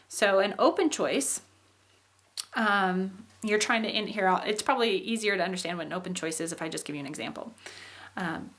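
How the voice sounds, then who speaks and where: A woman teaching as she explains patiently, often saying "um" and "okay," and demonstrating phrases with exaggerated rises and falls in pitch. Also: fairly bright tone. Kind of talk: explaining English intonation.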